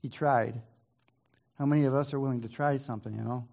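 A man leading an informal Bible study, reading scripture aloud and then talking it over in a plain conversational way, with hesitant restarts and the odd throat clearing. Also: medium pitch, steady tone, brisk, darkish tone. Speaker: Bible teacher.

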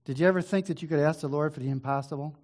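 A man giving an informal Bible study. He reads the old scripture verses at an even pace, then drops into loose, musing talk with restarts and asides, now and then clearing his throat. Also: fairly high pitch, racing. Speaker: Bible teacher.

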